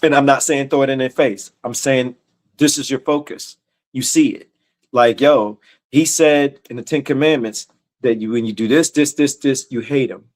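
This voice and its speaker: A man leading an informal Bible study, blunt and emphatic, repeating his points in casual slang and reading scripture aloud slowly. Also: mid-range voice. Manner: reads scripture slowly in a raised, declaiming voice.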